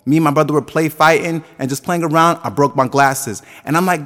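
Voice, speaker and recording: A man's voice: a little high, fairly quick, few pauses, fairly bright tone, big-room sound. A man in his twenties preaching a sermon with a passionate, sing-song cadence that rises and falls. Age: 20s.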